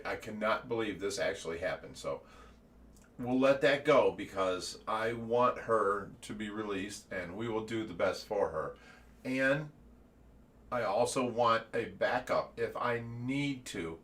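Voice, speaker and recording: A man hosts a fish rescue livestream in a casual, earnest way, laughing as he talks. His voice is bright and clear. He sits a little back from the microphone. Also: lowish voice, far from the mic, slight background noise.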